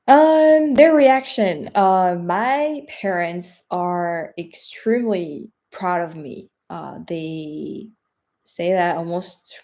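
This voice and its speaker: A young woman with a French accent, chatting casually on a live stream, with a hesitant manner and lots of fillers. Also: mid-range voice. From France. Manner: hesitant, many fillers, soft trailing asides. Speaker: travel vlogger. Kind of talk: live stream chat reading viewer questions.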